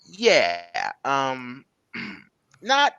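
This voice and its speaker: A male podcast host talks in a casual, slangy way that swings up and down with lively energy. His voice is bright and forward. The sound is dry and close, with no room around it. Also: mid-range voice, extremely slow, gravelly, smooth, no room sound, lo-fi sound. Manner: animated, slangy, gives historical context. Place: home setup, live-streamed podcast.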